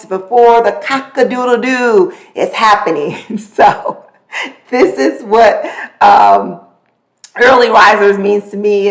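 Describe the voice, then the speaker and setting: A middle-aged woman hosting a podcast, talking in a casual monologue and telling her story with lively swings in pitch and pace. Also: creaky. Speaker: podcast host.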